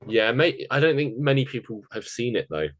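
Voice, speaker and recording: A podcast co-host rattles off his award picks in quick lists during a casual, chatty conversation. His mid-range voice is very animated, and there's no room sound on the recording.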